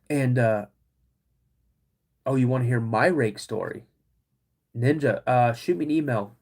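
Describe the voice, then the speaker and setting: A middle-aged man hosting a podcast, telling a personal story in an animated way, acting out quoted voices and calling his listeners "guys". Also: mid-range voice, moderate pace. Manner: acts out quoted voices of his dad and himself. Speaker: podcast host.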